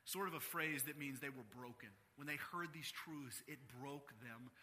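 A man preaching a sermon to a congregation in an emphatic way, rising to loud stressed phrases and dropping low and quiet. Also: moderate pace. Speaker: pastor. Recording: long hall reverb.

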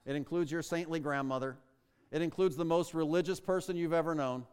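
A man's voice: a little high, brisk, a little mellow, smooth. A man preaching a sermon as pastor, emphatic and full of rhetorical questions, stretching out key words for stress. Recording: long reverb of a large hall.

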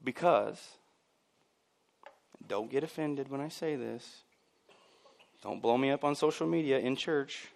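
A man's voice: mid-range voice, measured pace, gravelly, long pauses, a little mellow. A man pastor preaching a sermon in a church, chatty and joking, acting out the voices of people he quotes.

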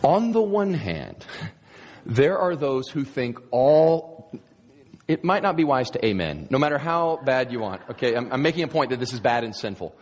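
A man's voice: medium pitch, big pitch swings, normal speed. A man preaching a sermon as a pastor, emphatic, firing off sarcastic rhetorical questions. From United States. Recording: long reverb of a large hall.

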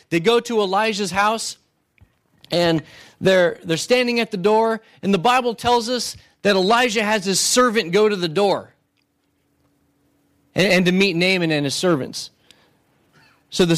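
A male pastor delivers a sermon in a loose, conversational manner, retelling a scripture story with frequent restarts. His voice sits fairly high for a man, and he often pauses to check in with his listeners. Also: fairly bright tone. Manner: conversational, keeps checking in with "right?"; retells stories with restarts and acted asides.

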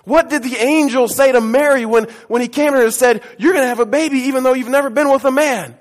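A high-voiced male pastor preaches quickly in an echoing church sanctuary, using call-and-response. His sermon swings between loud passages and hushed ones.

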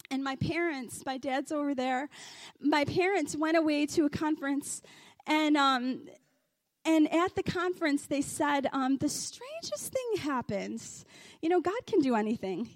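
A woman preaching a sermon in a church, telling a testimony story with excited, animated energy. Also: high voice, no echo. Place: church stage under lights.

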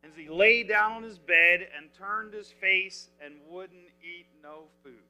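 A man's voice: sits high, slow, clean tone, faint music behind, rough recording. A man preaching a sermon, retelling scripture in casual everyday words and asking the listeners questions. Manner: lively and expressive, asks the listeners questions.

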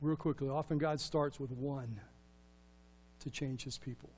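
A man preaching a sermon, animated and full of rhetorical questions, moving from loud to hushed. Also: medium pitch, unhurried, husky. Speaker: pastor.

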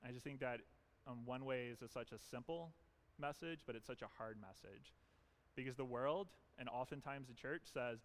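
Male pastor, mid-pitched voice, earnest emphatic sermon delivery. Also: moderate pace. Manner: earnest, emphatic preaching with repetition. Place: church.

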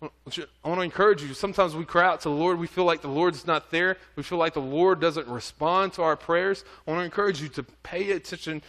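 A man's voice: a little high, a little fast, fairly bright tone. A man preaching a sermon, reading scripture aloud and earnestly urging his listeners. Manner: reads scripture then exhorts, pleading and earnest.

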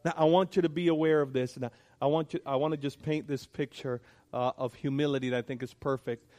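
A man's voice: mid-range voice, steady tone, quick pace, darkish tone. A male pastor preaching a sermon, emphatic, repeating his points and checking in with the congregation.

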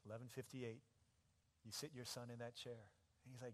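A man preaching a sermon as a pastor, telling a dramatic story that swells into loud, impassioned shouting. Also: medium pitch, little pitch movement, a little fast. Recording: echoey hall with long reverb.

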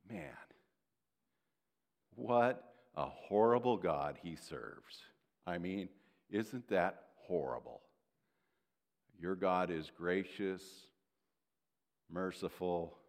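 A male pastor delivering a sermon in an unhurried, deliberate way, his pitch rising and falling widely as he tells stories. He slips in sarcastic asides along the way, and his voice carries a long reverb through a large hall. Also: gravelly. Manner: animated storytelling with sarcastic asides.

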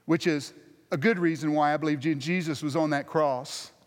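A man's voice: on the high side, steady tone, moderate pace, long reverb tail. A man preaching a sermon as pastor, earnest, repeating and restarting phrases for emphasis.

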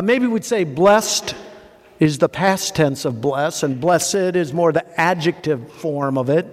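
A man preaching a sermon with animated, conversational delivery and a somewhat high voice. He poses rhetorical questions and stacks up lists of words. The sound carries a long reverb, as in a large hall. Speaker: pastor.

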